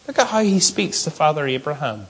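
A man's voice: fairly high pitch, very animated, brisk, breathy edge. A man preaching an expository sermon, earnest and emphatic, asking his listeners questions.

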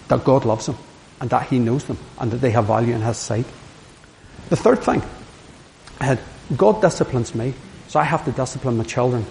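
Middle-aged man, gravelly voice, earnest storytelling sermon, long hall reverb, faint hiss. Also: mid-range voice, a little mellow. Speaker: preacher.

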